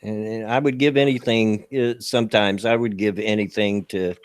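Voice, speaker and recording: A man's voice: fairly low pitch, steady tone, clear, resonant tone, no room sound. Laid-back Southern US man, dry sound. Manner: laid-back, laughing easily, halting. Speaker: podcast co-host. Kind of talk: casual chat.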